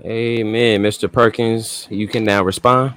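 A man moderating a debate, measured and procedural, with frequent fillers as he announces scripture readings. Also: fairly low pitch, steady tone, fairly bright tone, dry recording.

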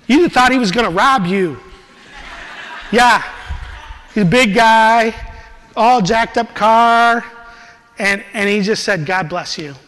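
High-voiced preacher in a reverberant church. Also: male voice. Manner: animated storytelling, laughs while he talks. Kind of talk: sermon with personal testimony.

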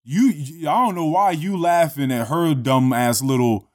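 A man casually telling a long story in a relaxed, profane way, full of fillers like "you know" and "like". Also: a little high, moderate pace.

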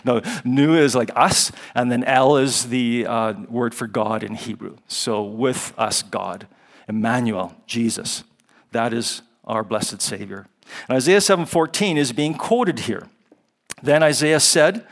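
A man's voice: mid-range voice, measured pace. A man giving a chapel sermon, praying and then teaching from the Bible in a conversational way, with ums and chuckles as he explains Hebrew and Greek words. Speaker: guest chapel speaker. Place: college chapel.

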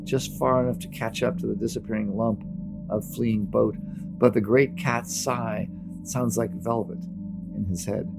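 A man reading a novel aloud as narrator, in a steady, dramatic audiobook delivery. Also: medium pitch, vocal fry. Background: music.

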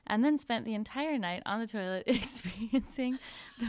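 A woman's voice: on the high side, normal speed, a little mellow. A woman hosting a podcast in casual chat, reading listener stories aloud with frequent giggles and frank, crude humor. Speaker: podcast host.

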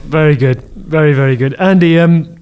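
A man's voice: fairly high pitch, normal speed, a little mellow, smooth. A man interviewing guests on a podcast, chuckling while he praises one guest and prompts another.

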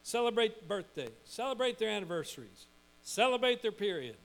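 A middle-aged man preaching a sermon as pastor, lively and emphatic, building points through repetition. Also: high voice, brisk, vocal fry.

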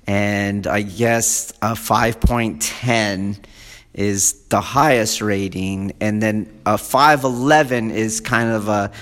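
A man who sounds like a martial arts instructor, giving a rambling casual lecture. He digresses often, keeps checking in with his listeners, and gets animated when he acts out fan excitement. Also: on the low side, takes it slowly. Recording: long reverb of a large hall.

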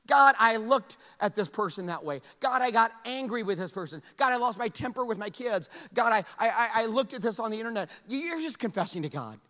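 A man preaching a sermon as a pastor, conversational and animated, moving between loud exhortation and hushed intensity. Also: high-pitched. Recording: long hall reverb.

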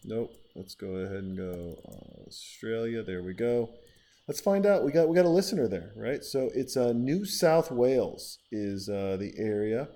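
A man hosting a podcast, chatting casually in a rambling, profane way and giving shout-outs to listeners. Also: lowish voice, lively intonation, normal speed. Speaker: podcast host.

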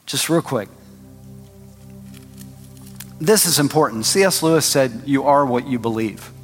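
A male pastor preaching a sermon, telling stories with lively acted-out voices that rise at times to shouting. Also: medium pitch, fairly quick, soft background music. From Texas. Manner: animated storytelling, acting out voices and rising to shouts. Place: church hall. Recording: long hall reverb.

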